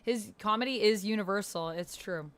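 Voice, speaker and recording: A woman streamer chatting casually with her viewers. She rambles, reads chat aloud, laughs often and jumps high in pitch when she is surprised. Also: moderate pace, clean tone. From Canada.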